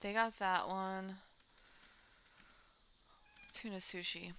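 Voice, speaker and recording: Woman streamer, chatty gaming talk, bright and smooth voice, dull lo-fi mic. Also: mid-range voice, normal speed, pauses often, no room sound. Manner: chatty, talks to her cat while playing. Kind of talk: casual chat while gaming.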